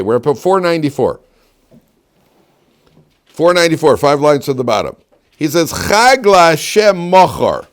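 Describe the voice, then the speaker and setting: A middle-aged man lecturing a class as a rabbi, with an ordinary, mid-range voice. He tells stories with a lot of expression, swinging from quiet asides to loud, emphatic high points. He stops often to quiz his listeners. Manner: animated storyteller, swings between loud emphatic peaks and low asides, quizzes students.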